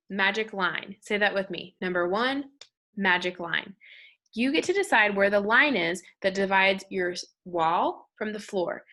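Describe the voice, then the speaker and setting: Bright, upbeat woman art teacher. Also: medium pitch. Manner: upbeat, call-and-response chanting with gestures. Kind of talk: classroom lesson to children.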